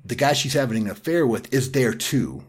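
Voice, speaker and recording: A man's voice: medium pitch, lively intonation, normal speed, husky. A man hosting a podcast, retelling a film scene by scene in a casual way and breaking in with dry, mocking asides. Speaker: podcast host. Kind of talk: casual sarcastic film recap.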